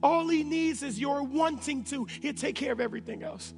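A male pastor preaching a sermon with an emphatic, repetitive cadence, swinging between hushed whispers and shouted declarations. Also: very high voice, moderate pace, big-room sound, soft background music.

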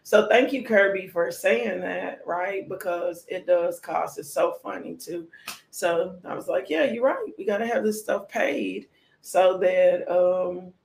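A woman's voice: fairly low pitch, a little slow, gravelly, slight background noise. A woman hosting a live morning devotional stream, playful and goofy, laughing often and chatting with viewers in the comments. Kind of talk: casual live-stream chat. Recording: roomy echo.

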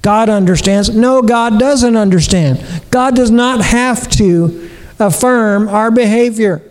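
A man with a high voice delivers a sermon as pastor. He preaches earnestly, repeating his points and asking rhetorical questions. His voice carries a long reverb from the church hall. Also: slow, darkish tone.

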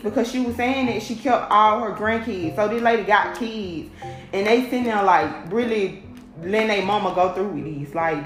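She's a woman venting to her viewers, frank and foul-mouthed, hammering her points hard. Her voice bounces around a roomy space. Soft music plays underneath. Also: mid-range voice. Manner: blunt, profane, emphatic. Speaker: vlogger. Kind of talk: casual monologue rant. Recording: roomy echo with faint music.

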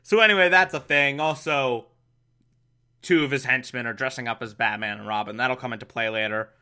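A man's voice: medium pitch, fairly quick, sharp tone. A man giving a sarcastic, incredulous recap of an episode, mocking the plot and swearing. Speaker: comedic recapper.

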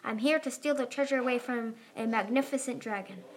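A woman's voice: fairly high pitch, a little fast, close to an everyday voice. A woman voicing a big, playful young male dragon who bellows theatrically.

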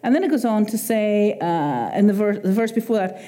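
A woman with an Irish accent preaching a sermon in a lively, conversational way, acting out little quoted exchanges. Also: medium pitch, normal speed, hardly any pauses.

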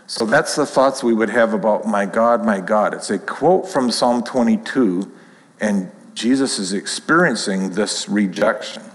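A man's voice: fairly low pitch, a little slow, in a large hall, low-quality recording. A man teaching a Bible class, reading scripture aloud with rising emphasis and asking the group questions.

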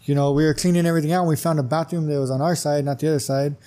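A man's voice: fairly high pitch, rapid-fire. A man, a wrestling commissioner and gym owner, telling a story as a podcast guest, acting out conversations with lots of "you know" fillers. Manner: animated storyteller who acts out dialogue, many "you know" fillers. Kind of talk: casual storytelling interview.

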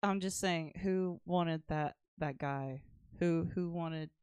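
Female co-host, low voice, casual and chatty, laughs mid-sentence. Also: slow, a little mellow, clear, resonant tone, no room sound. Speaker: podcast co-host. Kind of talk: casual chat.

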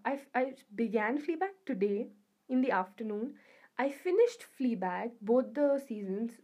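Chatty young woman, higher voice. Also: darkish tone. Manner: chatty, rambling, effusive. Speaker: vlogger. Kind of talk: casual chat to camera.

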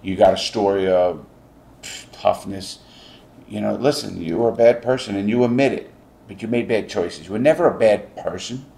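Blunt deep-voiced middle-aged man. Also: moderate pace, creaky, dark tone. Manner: blunt, emphatic, swears freely. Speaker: interviewer. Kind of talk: casual interview.

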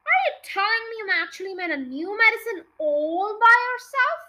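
A woman voicing a cranky, boastful old grandmother who shouts scornfully in slow, drawn-out words. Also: very high voice, expressive, full character voice, poor audio.

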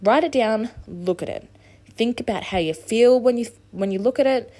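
Her voice is fairly high with a dark tone, and she speaks at a moderate pace. The solo podcast host is hungover, cursing freely, and delivers a frank, motivational monologue.

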